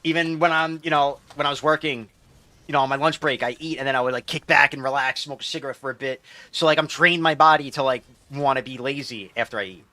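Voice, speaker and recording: A man's voice: medium pitch, fairly even intonation, fast, bright, forceful tone, no room sound. A man streaming a game, chatting casually with viewers in a rambling, loose way and reading chat aloud.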